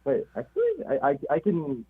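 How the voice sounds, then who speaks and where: A man's voice: medium pitch, very animated, fairly quick, slightly rough. Eager young man on a tinny phone line. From Mexico. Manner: eager, laughing, modest. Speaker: caller. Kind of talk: phone call-in chat.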